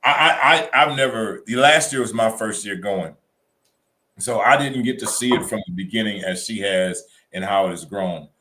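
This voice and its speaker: A man's voice: on the low side, normal speed. Casual man telling weekend stories. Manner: animated storytelling, Southern colloquial. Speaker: co-host. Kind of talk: casual chat.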